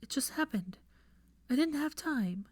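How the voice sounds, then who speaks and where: Woman voicing a rattled young woman, high strained lines, dry close sound. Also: animated, unhurried, a little mellow, slightly rough, no echo, full character voice. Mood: flustered. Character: frightened young woman, defensive.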